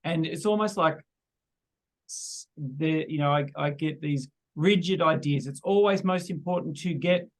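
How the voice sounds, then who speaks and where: Guy asking the teacher stuff, kinda hesitant, high-ish voice. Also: a little slow. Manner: hesitant, restarts, thankful. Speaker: questioner. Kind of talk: casual chat.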